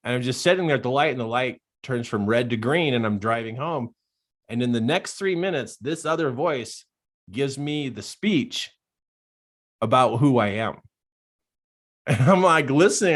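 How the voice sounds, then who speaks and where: A man's voice: medium pitch, measured pace. Earnest man telling a personal story. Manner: earnest, drops to a hushed voice at dark moments and grows animated in others. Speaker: life coach giving a live talk.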